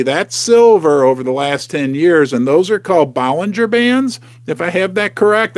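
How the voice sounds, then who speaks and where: A middle-aged man talks casually to his livestream viewers from a home basement, folksy and emotional. His voice sits high and swings widely in pitch. The sound is dry and close, with no room echo. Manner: chatty, folksy and emotional, asks viewers questions. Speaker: host of a precious-metals investing channel.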